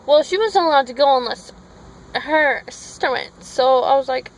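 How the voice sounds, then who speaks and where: Woman, high-pitched, rambling vlog talk, frequent self-corrections, phone recording. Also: normal speed, poor audio. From Minnesota. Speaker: vlogger. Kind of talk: casual storytelling vlog.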